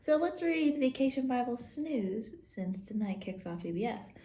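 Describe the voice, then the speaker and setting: A woman teaching Sunday school who reads a silly picture book aloud to children, playful and quick to giggle. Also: fairly high pitch, lively intonation, mellow, slight background noise. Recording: roomy echo.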